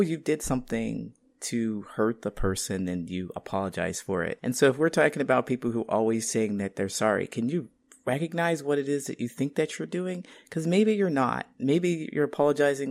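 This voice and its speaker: A man with an ordinary mid-low voice, telling stories in an animated, exasperated way during a casual group discussion. He speaks frankly and at an easy, conversational pace.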